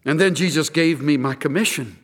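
A man's voice: on the high side, a little fast, husky, long reverb tail. A pastor playing the apostle Paul in first person, earnestly recounting his conversion and stammering repeats as he gets carried away. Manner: earnest, repeats words in bursts as if overcome. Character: the apostle Paul, a fervent man defending himself before a king. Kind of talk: first-person dramatized preaching.

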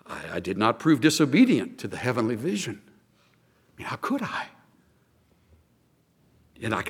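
Brief: male preacher as a fervent, earnest apostle, lively up-and-down delivery, long hall reverb. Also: high voice, husky, heavily acted. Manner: earnest, repeats words in bursts as if overcome. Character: the apostle Paul, a fervent man defending himself before a king. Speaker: pastor. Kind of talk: first-person dramatized preaching.

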